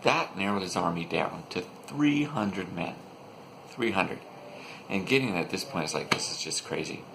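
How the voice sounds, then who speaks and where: A man's voice: sits low, animated, unhurried, creaky, background noise. A man casually retelling an old story, chatty and joking, often restarting with "and, and".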